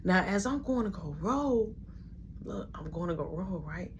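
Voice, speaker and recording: Animated woman telling a storytime. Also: lowish voice, a little slow, background noise. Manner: animated, drops to whispers, slangy retelling. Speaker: vlogger. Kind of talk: casual storytime.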